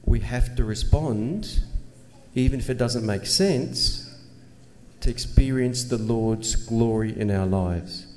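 A man's voice: mid-range voice, takes it slowly, a little mellow. A man preaching a sermon in an earnest manner, asking rhetorical questions and pressing his points with emphasis. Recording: long reverb, faint ambient noise.

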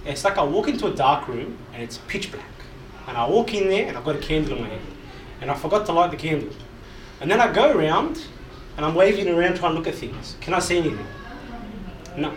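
Emphatic high-voiced man preaching. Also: sing-song, quick pace. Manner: repetitive, emphatic, asks the audience questions. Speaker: preacher, youth speaker. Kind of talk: sermon to a live group. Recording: echoey hall, mic far off, audible noise.

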